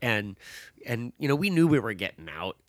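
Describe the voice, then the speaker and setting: A man's voice: mid-range voice, big pitch swings, normal speed, no echo, clean studio sound. A man casually telling a long story about a hike, with many fillers and restarts. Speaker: guest, father telling a hiking story.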